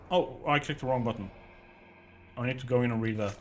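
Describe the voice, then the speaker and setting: A man's voice: mid-range voice, animated, fairly quick, a little hiss or hum. Jokey man streaming a horror game. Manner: jokey, exclamatory asides. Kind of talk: casual gameplay commentary.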